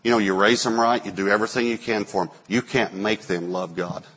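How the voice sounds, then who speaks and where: Male pastor, 40s, low husky voice, animated sermon storyteller. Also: brisk. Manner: storytelling, acts out quotes with sudden loud bursts.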